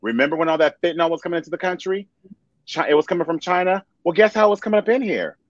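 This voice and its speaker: High-voiced man, muffled and dry. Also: racing, no echo.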